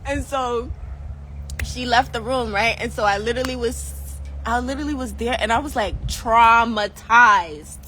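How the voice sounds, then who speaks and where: A woman vlogger telling a casual storytime, animated and slangy, laughing often. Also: a little high, normal speed, slight background noise, low-quality recording.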